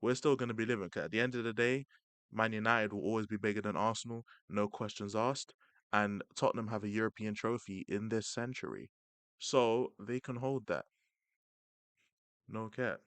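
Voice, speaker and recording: A man's voice: on the low side, steady tone, brisk, fairly bright tone, smooth, no echo. A young man, a streamer mocking football rivals in casual, slang-heavy banter. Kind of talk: casual livestream rant.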